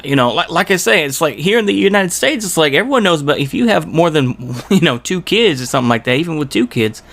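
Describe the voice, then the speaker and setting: A man's voice: a little high, creaky, a bit bright. A man giving rambling reaction commentary on a video, exasperated and full of rhetorical asides.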